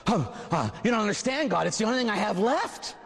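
A man's voice: sits high, big pitch swings, a little slow, vocal fry, breathy edge, long reverb tail, voice pushed up, exaggerated voice. Man doing a desperate, stubborn old man. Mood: pleading. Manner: pleading, defiant. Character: stubborn 99-year-old man clinging to his land.

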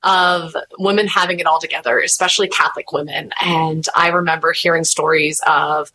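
A chatty woman, talking casually in an interview. Her voice is bright and clear, and she tells animated stories, jumping into quoted voices. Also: low voice, a little fast, few pauses, slight background noise, poor audio. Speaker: podcast host and guest.

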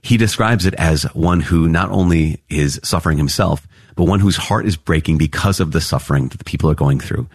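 A priest opening with prayer, then teaching Bible passages in an earnest, excitable way. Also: male voice, extremely low pitch, breathy edge, no echo, studio quality. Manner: earnest, excitable, quick asides with laughs.

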